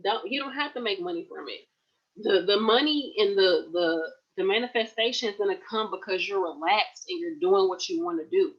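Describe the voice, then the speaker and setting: A woman in her late twenties chatting casually and warmly to her livestream viewers, calling them y'all. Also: mid-range voice, moderate pace, husky, lo-fi sound. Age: late 20s. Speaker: nurse vlogger. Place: at home.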